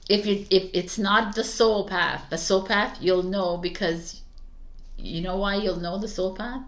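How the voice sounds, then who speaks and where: A woman's voice: medium pitch, fairly even intonation, a little slow. Chatty woman reading tarot. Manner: chatty and emphatic, laughs often. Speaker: tarot reader. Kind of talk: casual tarot reading monologue.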